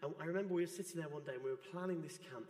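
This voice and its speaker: A man preaching a sermon in a church, his voice sitting a little high for a man. He speaks in a gentle, earnest way. The sound rings with long echo around a big hall. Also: rapid-fire.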